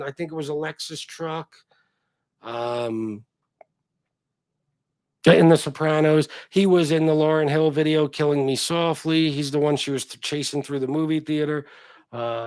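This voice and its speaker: Guy, livestream host, swears a lot, rambles, a touch high, dry close sound. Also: no echo. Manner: profane, rambling, animated reactions. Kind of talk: casual livestream chat reading comments.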